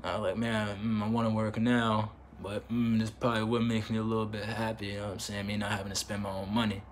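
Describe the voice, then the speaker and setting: A man's voice: on the low side, fast, a little hiss or hum. A young man telling a casual, slang-heavy story and acting out the back-and-forth of an argument. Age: young adult. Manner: animated slangy storytelling, acts out both sides of the dialogue. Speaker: vlogger.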